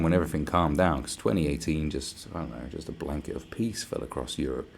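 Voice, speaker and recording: A man's voice: deep voice, animated, a little fast, creaky, darkish tone, slightly rough. A man hosting a live stream, ranting casually with lots of swearing and sarcastic asides. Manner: profane, sarcastic, mocks others in put-on voices.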